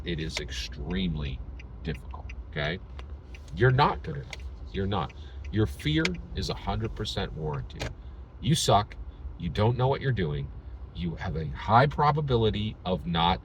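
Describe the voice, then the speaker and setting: Low-voiced sarcastic man hosting a vlog. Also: background noise. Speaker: channel host. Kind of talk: sarcastic commentary rant.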